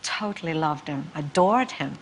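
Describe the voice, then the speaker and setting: Older Scottish woman, low-pitched. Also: normal speed, very noisy. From Scotland. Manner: lively storytelling, acts out quotes. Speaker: interviewee. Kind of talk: interview conversation.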